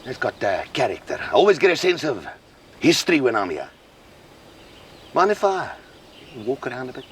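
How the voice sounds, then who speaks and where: An actor playing a sly, overly friendly visitor with a smooth, ingratiating manner. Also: male voice, mid-range voice, wildly swooping pitch, normal speed, slight background noise. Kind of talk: sitcom acting.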